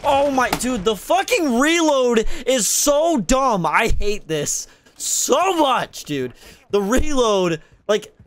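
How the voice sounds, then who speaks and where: A young man gaming with a friend, loud and profane, flipping between raging at opponents and apologizing. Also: very high voice, big pitch swings, slow pace, slight background noise. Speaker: gamer streaming with a friend. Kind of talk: casual gaming banter.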